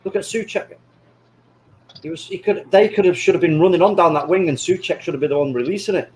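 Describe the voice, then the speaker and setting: A man's voice: sits high, fast talker, a little hiss or hum. A man chatting casually and crudely during a live football watchalong, urging the players on and joking.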